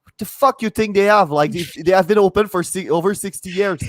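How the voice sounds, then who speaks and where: A man co-hosting a live comedy show, ranting with heavy swearing and deadpan jabs. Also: sits high, fairly quick, dry recording. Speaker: comedy podcast co-host. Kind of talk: casual banter.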